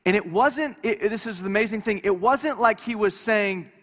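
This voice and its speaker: A man's voice: sits high, normal speed, fairly bright tone. A man preaching a sermon to a congregation, talking conversationally with light humor and often repeating his words as he restarts. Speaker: pastor. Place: church hall before a congregation. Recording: long hall reverb.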